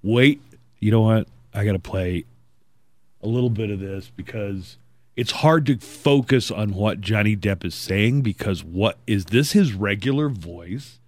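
A man's voice: fairly low pitch, measured pace, darkish tone. A man hosting a morning radio show, chatting wryly with co-hosts and reading an ad. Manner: wry, chatty, reads ad copy. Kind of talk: casual radio talk.

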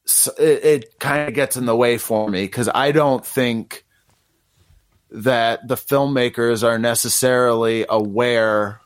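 A man's voice: medium pitch, steady tone, slow, long pauses, clear, resonant tone, no room sound. A man co-hosting a podcast who talks about a film hesitantly, stumbling and correcting himself. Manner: hesitant, self-correcting, stumbling over words. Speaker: podcast co-host. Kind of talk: casual film discussion.

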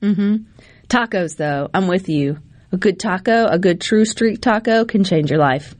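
A woman's voice: mid-range voice, darkish tone, no room sound. A woman from Mississippi, co-hosting a casual radio talk show in a chatty, folksy way. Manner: chatty, folksy, quick asides.

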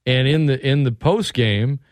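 A man hosting a sports radio show, telling stories in a chatty, animated way. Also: medium pitch, unhurried, dry recording. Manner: chatty, animated storytelling with impressions. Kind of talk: casual sports talk.

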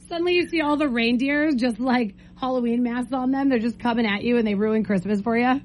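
A woman's voice: fairly high pitch, brisk, slight background noise. Bubbly young woman radio host. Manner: bubbly, chatty, teasing. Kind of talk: morning radio chat with callers. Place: radio studio. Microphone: studio mic.

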